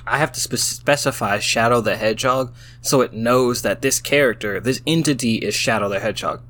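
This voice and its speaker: A man's voice: mid-range voice, moderate pace, hardly any pauses, a bit bright, a little hiss or hum. A tipsy man reads an AI-written story aloud, breaking off into baffled exclamations. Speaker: host reading out an AI-written story. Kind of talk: casual reading aloud with running commentary.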